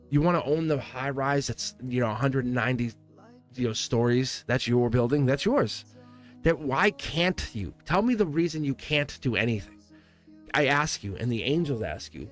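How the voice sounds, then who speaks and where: A man giving a live-stream tarot reading, effusive and encouraging, who laughs often and repeats his phrases. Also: mid-range voice.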